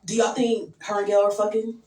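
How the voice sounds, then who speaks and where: A young woman doing a stand-up set, crude and deadpan, with lots of "um" and "like". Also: mid-range voice, fast, a crowd in the background. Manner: crude, deadpan, filler-heavy. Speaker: stand-up comedian. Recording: echoey room from far off.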